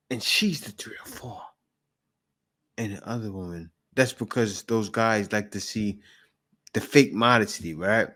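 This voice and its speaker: A man hosting a reaction video, commenting casually and laughing as he mocks the clips. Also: medium pitch. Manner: animated, laughing, mimics voices mockingly.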